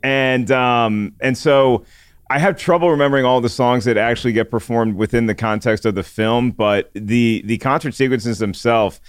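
A man's voice: medium pitch, normal speed, smooth, no room sound, clean studio sound. A man co-hosting a podcast, speaking in casual chat with a hesitant, restarting manner. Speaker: podcast co-host.

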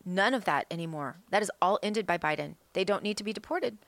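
A woman's voice: lowish voice, expressive, fairly quick, fairly bright tone, no echo. A woman hosting a political talk show, delivering a fired-up, emphatic monologue that is full of rhetorical questions. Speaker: political commentary host.

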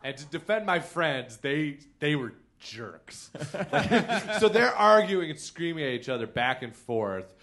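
Comedian guest from Chicago, lively swooping pitch, laughs through stories, fairly high voice. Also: male voice, a little slow. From Chicago area, Illinois. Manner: animated, self-deprecating, laughs through his stories. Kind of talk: live podcast storytelling. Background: loud noises from a neighboring bowling alley.

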